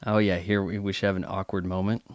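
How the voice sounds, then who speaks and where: A man's voice: low-pitched, flat delivery, fast, no room sound. Wry, chatty male movie commentator. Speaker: film commentator.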